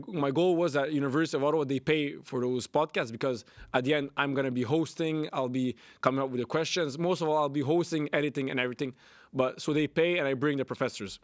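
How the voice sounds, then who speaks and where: Young man, podcast host, blunt profane rant, slightly high voice, dry close sound. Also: no room sound. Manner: blunt, profane, repetitive ranting. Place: Canada.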